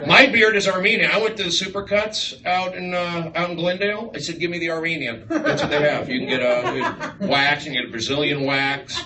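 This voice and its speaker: A man doing a rambling stand-up set, riffing excitably on the crowd in a small comedy room. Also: on the high side, normal speed, few pauses. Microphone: far live-stream phone mic. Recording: echoey, distant livestream with room noise.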